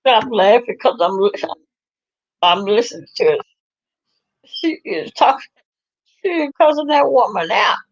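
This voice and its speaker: A woman's voice: on the high side, animated, a little slow, pauses often, highs cut off. A woman hosting a casual chat, laughing often and reacting to what she is listening to. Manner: laughing, gossipy reactions to a livestream. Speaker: host.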